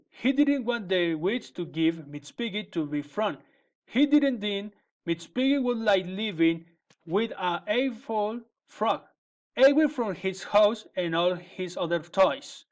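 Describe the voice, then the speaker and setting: A man reading a children's fairy tale aloud in a gentle, measured way. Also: high voice, animated. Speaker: storyteller. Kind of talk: storybook reading.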